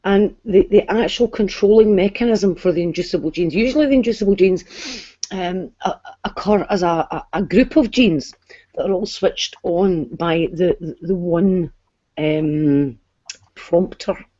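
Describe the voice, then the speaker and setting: Mellow-voiced woman explaining patiently. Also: fairly low pitch, unhurried, no echo, muffled recording. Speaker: guest explaining science. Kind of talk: casual explanatory chat.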